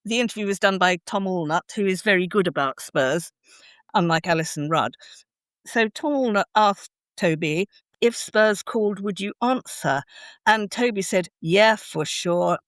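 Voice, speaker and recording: A woman's voice: medium pitch, moderate pace, a bit bright, no room sound, clean studio sound. A woman on a football podcast, talking in a wry, teasing way. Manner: wry, teasing, fond of metaphors. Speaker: podcast panelist. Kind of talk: casual football podcast chat.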